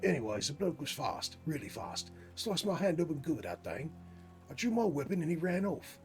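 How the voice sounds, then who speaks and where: A man's voice: medium pitch, big pitch swings, fast, faint music behind, close to an everyday voice. A man reading out a scheming, wounded prison guard from a game in a hammy put-on accent. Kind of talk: reading game dialogue aloud.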